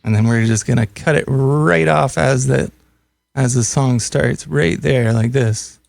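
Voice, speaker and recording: A man's voice: mid-range voice, unhurried, vocal fry. A young man hosting a music-making video, chatting casually and reading viewer comments as he works on a song. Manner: chatty, reads out viewer comments while working. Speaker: music producer and host.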